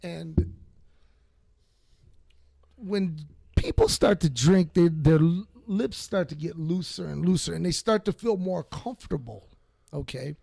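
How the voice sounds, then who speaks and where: A man with a Detroit accent tells stories on a podcast, profane and animated. His voice sits high, with a deep gravelly fry running through it. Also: unhurried, pauses often. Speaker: podcast host. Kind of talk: casual storytelling.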